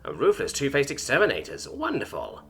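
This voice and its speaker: A fretful, weary young alien male, as a male narrator puts him on, pitched a bit higher than the reader's own voice. His delivery swings widely and carries a slightly husky edge. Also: huge pitch swings, a little fast, fairly bright tone, faint music behind, heavily acted. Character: anxious male alien student with antennae.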